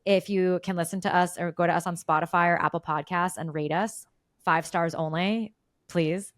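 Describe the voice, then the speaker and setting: Dry-sounding, low-voiced woman co-host. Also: steady tone, moderate pace, no room sound. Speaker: podcast co-host. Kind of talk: casual political chat. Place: New York City.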